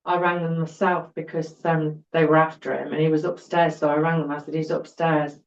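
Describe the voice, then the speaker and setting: A woman's voice: low-pitched, little pitch movement, brisk. A middle-aged woman, a podcast guest telling her personal story in an earnest way and repeating words for emphasis. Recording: roomy, dull-sounding recording.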